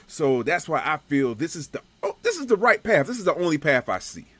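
A man in casual chat about wrestling, excitable and emphatic, breaking into loud bursts. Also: on the high side, a little fast, dry recording.

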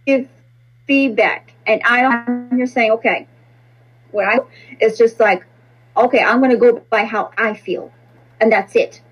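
A woman's voice: a little high, low-quality recording. A woman reader and podcast host speaking in a blunt, repetitive, profane monologue. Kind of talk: casual spoken monologue.

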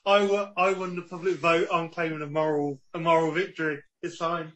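A man's voice: on the high side, flat delivery, brisk, fairly bright tone. A man hosting a podcast in casual chat, wry and swearing casually as he steers the show. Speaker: podcast host.

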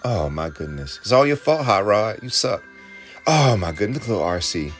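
A man giving an excited, emotional reaction commentary while watching a film. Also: on the low side, fairly quick, faint music behind. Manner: emotional, exclaiming, laughing often. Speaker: reaction video host.

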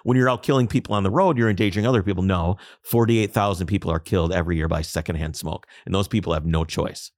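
A man with a low voice co-hosts a podcast, talking quickly with few pauses in an animated, emphatic, opinionated rant. It's casual chat recorded with studio quality and no echo.

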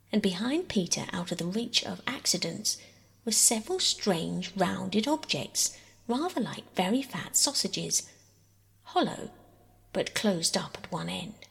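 A woman reading a classic children's novel aloud as soft, often whispered bedtime story narration. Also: on the low side, gravelly, slightly rough. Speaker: audiobook reader.

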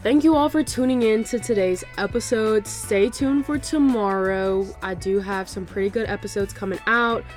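A woman's voice: medium pitch, normal speed, hardly any pauses, faint music behind. Chatty young woman podcast host. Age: 20s. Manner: chatty, fillers like "like" and "y'all". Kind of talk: casual solo podcast talk.

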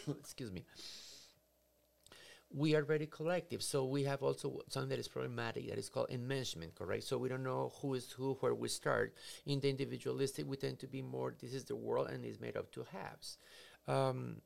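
Gravelly latino guy, therapist, animated, acts out little scenes. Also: medium pitch, normal speed. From Latin America. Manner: animated, acts out scenarios in quoted voices. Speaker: psychotherapist. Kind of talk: explanatory conversation.

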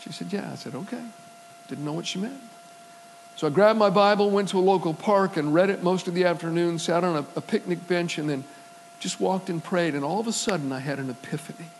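A man with a high, light voice preaching in a storytelling way. He acts out the people in his stories and swells into emphatic preaching. A faint hum sits under the recording. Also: brisk, rough recording. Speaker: pastor. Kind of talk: sermon.

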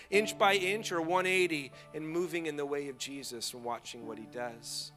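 A man preaching a sermon, drawing the congregation into call-and-response and moving between hushed, slow passages and loud, rising ones. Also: a little high, steady tone, faint music behind. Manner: playful asides to the audience. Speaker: pastor.

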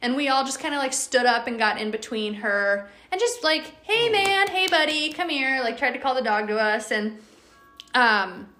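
A woman's voice: high voice, moderate pace, roomy sound, faint music behind. Chatty woman telling a dog story. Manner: chatty, animated, lots of fillers. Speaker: podcast host. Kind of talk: casual storytelling.

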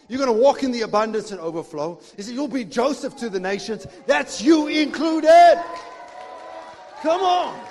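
A man preaching a sermon with fervour, swinging between shouted declarations and hushed asides. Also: sits high. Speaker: pastor. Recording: long reverb of a big hall.

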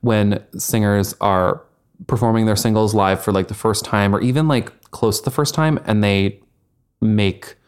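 A man's voice: fairly low pitch, a little slow, clear, resonant tone. A young man co-hosting a casual podcast chat, rambling with lots of fillers and the odd swear. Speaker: podcast co-host.

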